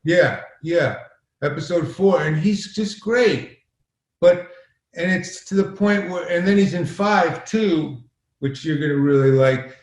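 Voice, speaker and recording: A man's voice: fairly high pitch, unhurried. A middle-aged man, a podcast guest, telling a long profane story in a rambling, casual way. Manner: rambling, profane, acts out quoted exchanges. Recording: roomy echo.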